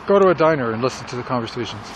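A man's voice: mid-range voice, expressive, racing, background noise. Rambling middle-aged man musing on writing. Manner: rambling, reflective. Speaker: writer vlogger. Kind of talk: casual talk while walking.

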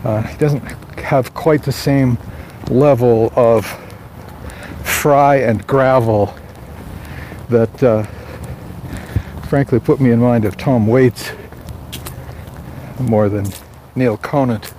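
A man's voice: medium pitch, fairly even intonation, slow, long pauses, darkish tone, slight background noise. A man vlogging casually outdoors as an author, musing aloud in a rambling way with lots of fillers and restarts. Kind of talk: casual morning vlog.

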